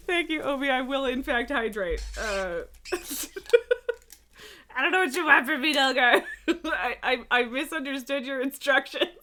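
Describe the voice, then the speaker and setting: Bright-toned woman on stream, just yapping to chat, laughs a lot, swears casually. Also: high voice, normal speed. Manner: rambling, laughing, swears freely. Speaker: livestreamer.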